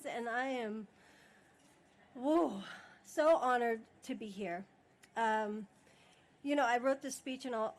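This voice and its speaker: A tribal chairwoman giving an emotional ceremony speech outdoors at a podium microphone, partly reading and partly speaking off script with candid, laughing asides. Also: on the high side. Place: outdoor monument ceremony in a park.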